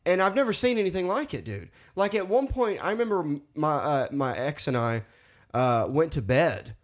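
A man's voice: on the high side, normal speed. A man in his late twenties or thirties, swearing and saying "dude" a lot as he tells party stories in a casual chat. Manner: animated storyteller, swears a lot, says "dude" often.

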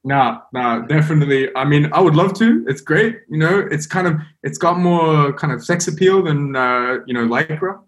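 A man, a podcast guest, telling a story in a casual, animated way, with lots of fillers and restarts. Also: on the high side, moderate pace, hardly any pauses. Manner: animated, rambling, heavy on fillers.

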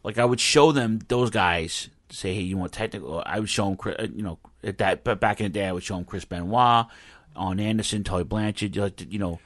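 A man's voice: fairly low pitch, brisk, a bit bright, dry recording. A man co-hosting a casual chat, talking in a loose, rambling way with many restarts and fillers. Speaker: podcast co-host. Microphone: own mic he mutes.

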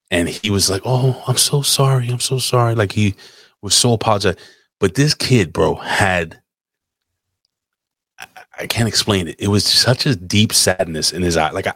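A man's voice: low voice, a bit bright, no echo, studio quality. A young man on a podcast, telling a rambling, profane story in casual chat. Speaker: podcast host.

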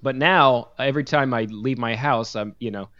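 A man's voice: mid-range voice, normal speed, sharp tone, no room sound, dull audio. A man co-hosting a podcast in casual chat, joking and sarcastic, with lots of fillers and restarts. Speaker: podcast co-host.

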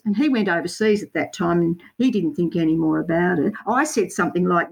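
A woman's voice: lowish voice, a little fast, vocal fry, hardly any pauses, breathy edge, rough recording. An Australian woman, a guest artist, telling her story in a rambling, self-correcting way with local slang. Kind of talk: casual interview chat.

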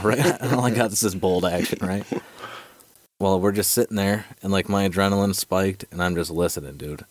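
A man with a very deep voice tells a long story in casual, profane podcast chat, leaning on fillers as he goes. The sound is dry and close, with no room around it. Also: brisk, no room sound. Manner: profane, animated storyteller, fillers like dude and right. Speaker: podcast co-host.

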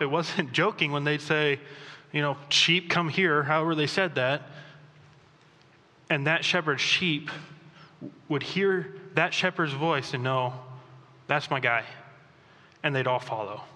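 A man preaching a sermon as pastor, chatty and animated, with offhand asides. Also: mid-range voice, in a large hall.

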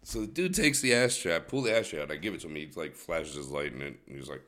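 A man's voice: rumbling low, expressive, quick pace, a bit bright. A man co-hosting a podcast, telling a crude, profanity-laden story in casual chat. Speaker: podcast co-host.

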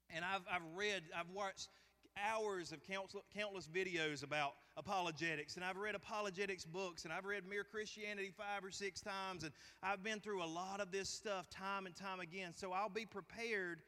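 Folksy pastor in a reverberant hall. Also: male voice, sits high, bright, forceful tone. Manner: folksy and conversational, joking with the congregation. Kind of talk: sermon. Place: church sanctuary.

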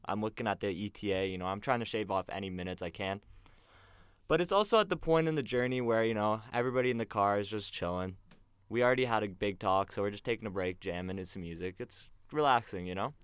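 A man's voice: fairly low pitch, lively intonation, fast, clean tone, dry recording. A young man, telling a story on a casual podcast, acting out the quotes and swearing freely. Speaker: podcast co-host.

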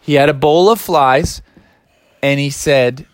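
A woman's voice: low-pitched, takes it slowly, no echo. A woman hosting a children's storytelling show, inviting the children to help tell the tale. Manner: warm, inviting, prompts children to add. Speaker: storyteller host.

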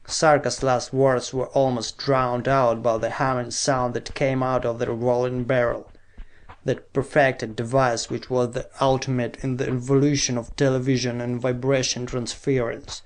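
A man reading a science fiction audiobook in measured, steady scripted narration. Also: medium pitch.

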